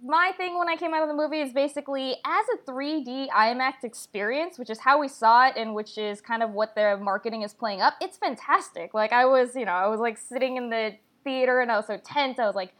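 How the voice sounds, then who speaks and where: A woman's voice: fairly high pitch, fairly quick, hardly any pauses, a bit bright. A woman co-hosting a movie podcast, giving a chatty review full of "like" fillers. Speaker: podcast co-host. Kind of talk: casual movie review chat.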